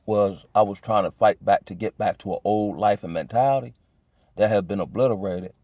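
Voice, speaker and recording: A man's voice: normal speed, warm tone, no room sound. Man recounting his own hardships, slangy and loose, dry close sound, voice leaps up when he's stirred. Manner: conversational, loose street slang, many restarts and "you know what I'm saying"; emotional, pitch jumps high when agitated. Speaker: storyteller giving a personal testimony. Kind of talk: casual spoken testimony.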